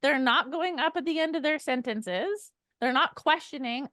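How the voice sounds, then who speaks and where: A woman coaching a sales team in an energetic, emphatic way, acting out sample call lines. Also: high-pitched, normal speed, no room sound. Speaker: sales trainer.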